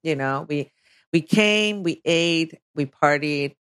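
Low-voiced laughing woman podcast host. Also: slow, a bit bright, clear, resonant tone. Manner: bubbly, laughs often, drops into Spanish phrases. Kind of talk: casual chat.

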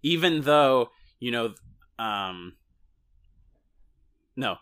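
A man's voice: mid-range voice, expressive, drawn-out words, a bit bright, clean tone. A man co-hosting a casual podcast, talking through a movie in rambling, self-interrupting sentences with joking asides. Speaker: podcast co-host. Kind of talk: casual movie-recap chat.

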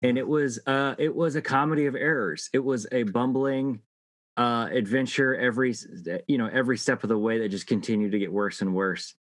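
A middle-aged man telling a long personal story in casual chat, halting and restarting often. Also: medium pitch, no room sound. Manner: rambling, halting with many restarts.

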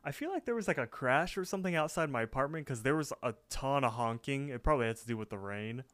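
Young guy with a clean smooth voice, dry close mic, laid back chatty podcast vibe. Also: medium pitch, lively intonation, quick pace, a bit bright, no echo. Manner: easygoing, chuckles often. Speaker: podcast co-host. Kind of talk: casual chat recapping a cartoon episode. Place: apartment.

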